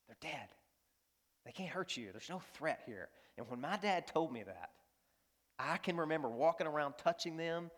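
A man pastor preaching with emphasis, his voice sitting a little high for a man. He repeats his key lines for effect and tells his stories with animation. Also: fairly bright tone. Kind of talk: sermon.

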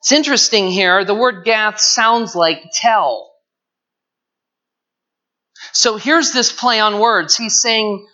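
A man's voice: high-pitched, takes it slowly, pauses often, pushed and bright. A man teaching a Bible lesson verse by verse, explaining the text in an earnest, explanatory way and drawing out key words. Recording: dull lo-fi recording.

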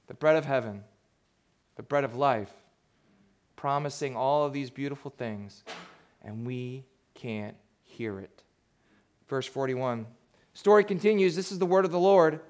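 High-voiced man preaching a sermon. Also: fairly bright tone. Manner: emphatic, conversational preaching. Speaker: pastor.

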